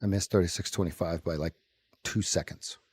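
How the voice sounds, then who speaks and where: A man hosting a live trading stream, giving joking, quick market commentary. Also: deep voice, steady tone, darkish tone, husky, no room sound.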